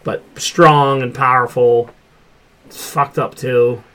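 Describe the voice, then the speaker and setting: A man's voice: mid-range voice, steady tone, slow, sharp tone. A man hosting a casual pop culture chat show, talking loosely and swearing freely. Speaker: podcast host.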